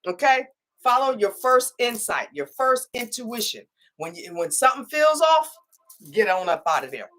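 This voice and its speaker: A woman's voice: a little high, moderate pace, rough recording. Chatty woman with a drawl. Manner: chatty, animated storytelling with frequent laughs and "okay?" tags; acts out others' lines in quoted voices. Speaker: spiritual reader and channel host. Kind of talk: casual livestream monologue.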